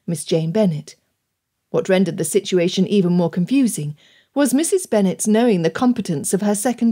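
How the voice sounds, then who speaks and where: A woman narrating an audiobook in a measured, even storytelling delivery. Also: medium pitch. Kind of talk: scripted narration.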